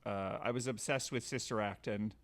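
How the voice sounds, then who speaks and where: A man co-hosting a podcast, talking casually in a measured way with jokey interjections. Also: fairly low pitch, steady tone, a bit bright. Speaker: podcast co-host. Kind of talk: casual chat.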